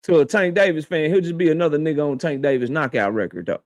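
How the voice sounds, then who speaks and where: A man with a high-pitched voice rants as a boxing channel host, speaking straight to the person he is calling out. He is confrontational and swears freely. He hammers each point by saying it more than once. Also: fast talker, no room sound, studio quality. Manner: confrontational, profane, repeats his points; addresses his target directly. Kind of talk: heated commentary rant.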